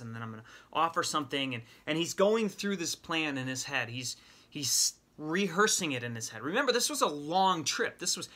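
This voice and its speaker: A middle-aged man gives a sermon teaching with a bright, forceful edge to his voice. He retells a scripture story in lively paraphrase, acting out what the characters say, in a somewhat high register. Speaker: men's ministry teacher.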